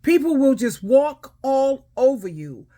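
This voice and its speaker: A woman's voice: high voice, big pitch swings, measured pace, dark tone. Emphatic middle-aged woman commentator. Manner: emphatic, authoritative, preachy. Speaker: advice coach and commentator. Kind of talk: reaction commentary.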